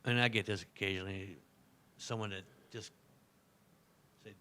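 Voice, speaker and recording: A man's voice: fairly low pitch, steady tone, normal speed, bright, forceful tone. A man in the audience at a library workshop, describing a problem to the presenter and speaking without a microphone. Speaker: audience member. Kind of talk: question from the audience. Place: library meeting room.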